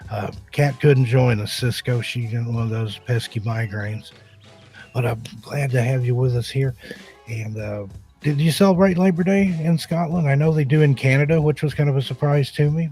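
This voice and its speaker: A man hosting a casual live-stream chat show, relaxed and greeting viewers one by one. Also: medium pitch, moderate pace, faint music behind. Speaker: host.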